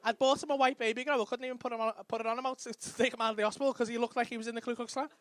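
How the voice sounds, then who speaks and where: A man doing a stand-up comedy set on a club stage, telling a profane, animated story into a handheld mic with audience laughter behind. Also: very high voice, very fast, background noise.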